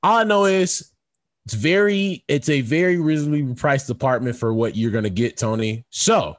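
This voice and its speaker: A man co-hosting a podcast, telling stories in casual banter and often breaking into high squeals and laughs. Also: normal speed. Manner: animated storyteller, jumps into high squeals and laughs. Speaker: podcast co-host.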